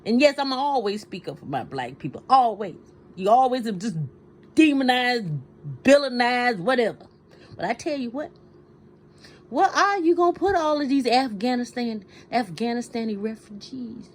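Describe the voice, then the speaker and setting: A woman's voice: on the high side, expressive, moderate pace, low-quality recording. A tired woman in a personal vlog rant, outspoken, heated and profane, talking in her kitchen late at night. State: tired and sleepy. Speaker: vlogger.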